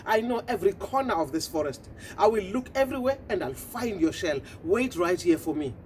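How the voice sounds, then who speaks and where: A woman's voice: medium pitch, animated, fairly quick, a little mellow, a little hiss or hum, close to an everyday voice. A woman voicing a kind, helpful male pigeon in a children's story, eager and reassuring.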